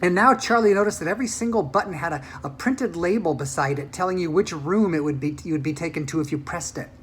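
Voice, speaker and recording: A woman reading a children's book aloud in an animated, expressive way. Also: fairly low pitch, fast talker, a little hiss or hum. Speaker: storyteller.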